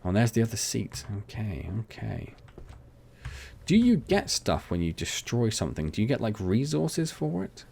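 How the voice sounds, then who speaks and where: A man's voice: fairly low pitch, wildly swooping pitch, normal speed, gravelly, a little mellow, husky. A young man chatting casually and rambling as he plays through a farming game, poking fun at himself. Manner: chatty, rambling, self-mocking. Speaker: gaming channel host. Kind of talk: casual let's play commentary.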